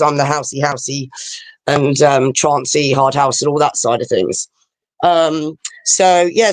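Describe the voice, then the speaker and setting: A woman's voice: deep voice, no room sound. A woman, chatting over a video call as a guest, rambling and emotional with many fillers.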